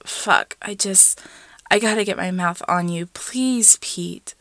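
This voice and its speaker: A woman's voice: mid-range voice, slow, fairly bright tone, no room sound. A woman reading a story aloud voices an impatient young man, a lead singer, who speaks in urgent, half-whispered bursts.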